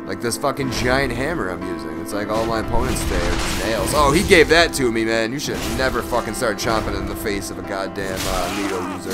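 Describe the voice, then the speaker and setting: A man talks over his gameplay in a lively, swooping voice that leaps from low mutters to sudden yelps. He curses freely and reacts to every hit. Game music plays underneath him. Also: fairly quick, few pauses. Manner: excitable and profane, jumps from loud yelps to low mutters. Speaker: gameplay commentator. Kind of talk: live gameplay commentary.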